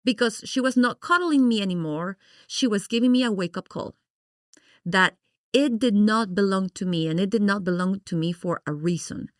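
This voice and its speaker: A middle-aged woman from Guatemala, a podcast guest, telling her story in an animated, expressive way and acting out her past reactions. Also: medium pitch, moderate pace, no echo, clean studio sound. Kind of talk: personal storytelling in an interview.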